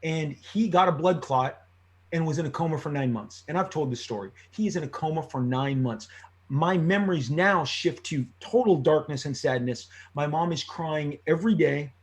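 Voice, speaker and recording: A man in his fifties from Southern California, energetically telling personal stories as an interview guest, with frequent restarts and loud exclamations. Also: a little high, expressive, normal speed. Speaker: interview guest, comic creator. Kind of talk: animated storytelling in a long interview.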